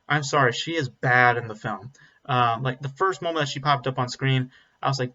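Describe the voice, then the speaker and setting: A movie reviewer rambles bluntly through a casual spoken film review, with frequent ums and restarts. His medium-pitched voice is bright and forceful, at a normal speed. The lo-fi audio sounds slightly dull.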